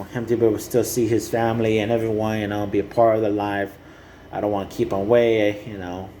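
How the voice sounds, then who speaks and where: A man speaking earnestly to the camera in a rambling personal monologue, halting and repeating "you know" often. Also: fairly low pitch, warm tone, a little hiss or hum, low-quality recording. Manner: earnest and heartfelt.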